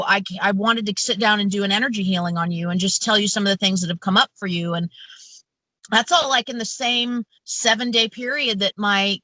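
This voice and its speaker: A woman's voice: fairly high pitch, bright, forceful tone, no room sound, rough recording. A woman chatting casually as a podcast guest, blunt and sweary, laughing often. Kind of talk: casual chat.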